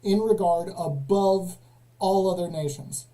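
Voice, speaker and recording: A man's voice: high-pitched, fairly even intonation, unhurried, mellow, poor audio. A man hosting a live call-in stream, questioning callers in a dry, sarcastic way. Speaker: livestream host. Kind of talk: casual live call-in chat.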